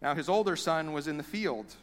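A male pastor preaching with a high-pitched, bright voice and a lively, conversational manner. His words ring out with a long, echoing reverb from a big hall. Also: fairly quick. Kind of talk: sermon.

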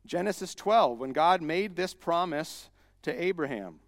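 A man preaching a sermon as a pastor, emphatic and rising to loud repeated declarations. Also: fairly high pitch, animated, unhurried, clean studio sound. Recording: long hall reverb.

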